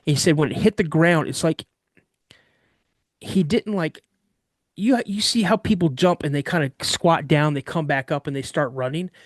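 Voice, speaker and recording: Lively man from Washington State telling a story. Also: on the high side, dry recording, clean studio sound. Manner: animated, acts out quoted dialogue in quick bursts. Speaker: eyewitness recounting a personal encounter. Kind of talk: casual first-person storytelling.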